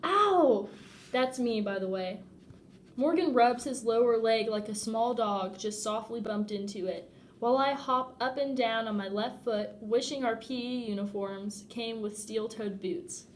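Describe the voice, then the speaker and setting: Casting: expressive female novel reader, slightly high voice, amused. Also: normal speed, slight background noise. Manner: expressive, often laughing at the text. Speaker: audiobook reader. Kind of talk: reading a novel aloud.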